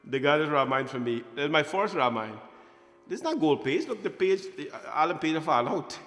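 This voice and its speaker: Joking temple priest in an echoey hall. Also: male voice, on the high side, very animated, brisk, fairly bright tone. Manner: jokey, laughing, acts out childhood voices. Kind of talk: storytelling at a prayer gathering. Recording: echoey hall, faint music behind.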